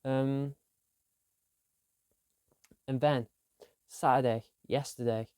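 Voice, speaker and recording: Teen male vlogger, unhurried and rambling, clear voice, dry close sound. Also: medium pitch, steady tone, darkish tone, no echo. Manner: rambling, self-deprecating, trailing off. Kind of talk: casual weekly diary vlog.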